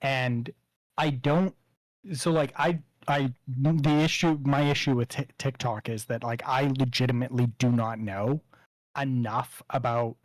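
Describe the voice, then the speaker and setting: A man's voice: medium pitch, no room sound. A Canadian man chatting casually about streaming platforms, laughing often and stammering on repeated words. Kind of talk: casual chat.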